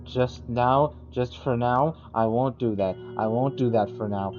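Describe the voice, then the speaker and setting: A man's voice: medium pitch, unhurried, lo-fi sound, over music. A young man ranting at a chatbot in a profane, explosive, exasperated way. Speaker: gamer. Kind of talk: profane comedic rant at a chatbot.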